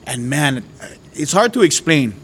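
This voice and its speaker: A man's voice: fairly high pitch, sing-song, unhurried, a bit bright, breathy edge. Earnest man. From Hawaii. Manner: earnest, conversational storytelling. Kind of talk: personal faith testimony.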